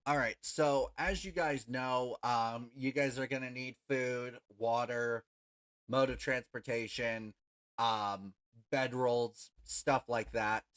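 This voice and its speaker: Slow-talking game master with a bright, forward tone and a halting, um-filled delivery. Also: medium pitch, steady tone. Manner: halting, full of ums. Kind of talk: narrating a tabletop game.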